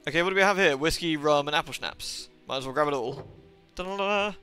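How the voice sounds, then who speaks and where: A man's voice: on the high side, fast, pushed and bright, clear, resonant tone, faint music behind. A young man streaming a game live, rambling to chat with lots of swearing and exasperated asides. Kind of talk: casual live-stream chat while gaming.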